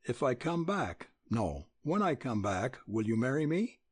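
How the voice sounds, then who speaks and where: An earnest young man saying goodbye, steady but pleading, his husky voice rising and falling in a lively way, as a male audiobook reader plays him. Slow and close, told like a storybook. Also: medium pitch, dry recording.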